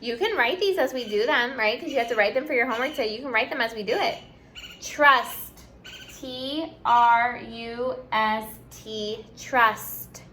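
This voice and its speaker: A woman's voice: on the high side, unhurried, bright, forceful tone, a little hiss or hum. A woman teaching a class, spelling words out letter by letter and mixing in Spanish words. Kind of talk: online class lesson.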